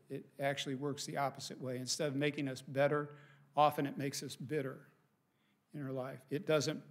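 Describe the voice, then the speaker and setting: A middle-aged man, a pastor, preaching a sermon from the pulpit in an earnest, conversational way with casual asides. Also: fairly high pitch. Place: church sanctuary.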